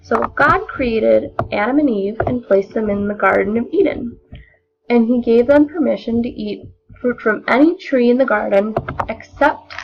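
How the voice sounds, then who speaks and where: A young woman giving a measured, explanatory spoken analysis of a poem as a lesson. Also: on the high side, gravelly. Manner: measured, explanatory, occasional restarts. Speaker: student presenter. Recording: dull lo-fi recording.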